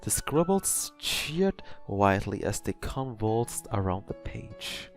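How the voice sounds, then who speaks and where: A man narrates a homemade story in a quiet, lively voice, stumbling now and then over a name. Faint music plays behind him. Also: on the low side, slow. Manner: soft, hesitant narration with slips. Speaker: story reader. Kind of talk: reading a fan story aloud.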